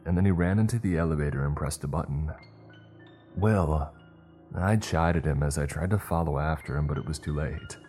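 Very deep-voiced male horror narrator. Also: soft background music. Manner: steady, measured storytelling.

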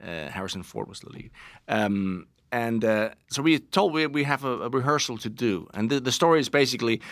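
Bright-voiced Danish man telling stories. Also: medium pitch, brisk, no room sound, studio quality. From Denmark. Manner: animated anecdotes with many restarts and laughs. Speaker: actor guest. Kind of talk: casual interview storytelling.

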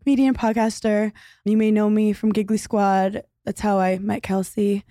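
A woman's voice: mid-range voice, moderate pace, dry recording, studio quality. A woman comedian guesting on a podcast, chatting casually and telling stories between bursts of laughter. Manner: laughing, animated storytelling. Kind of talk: casual chat.

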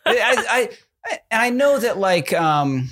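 A man's voice: high voice, very animated, measured pace, a bit bright, dry recording, clean studio sound. A young man in casual chat, rambling with many restarts and constant "like" and "you know what I mean". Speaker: podcast co-host and father of infant twins.

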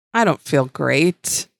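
A woman's voice: low voice, gravelly, no room sound, clean studio sound. A woman co-hosting a podcast in casual chat, blunt and profane, often trailing off and restarting her sentences. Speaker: podcast co-host.

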